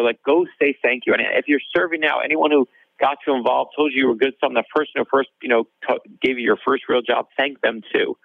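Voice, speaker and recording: Over a dry, tinny phone-like line with no room sound, a male author with a creaky, medium-pitched voice tells an interview story. He narrates with animation, acting out the dialogue.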